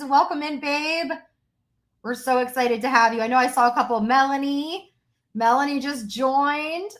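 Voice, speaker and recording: Host: high-pitched woman coach, emphatic and repetitive, live sales stream, greets her chat. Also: a bit bright. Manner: emphatic, repetitive, talks to viewers joining the chat. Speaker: business coach hosting a live masterclass.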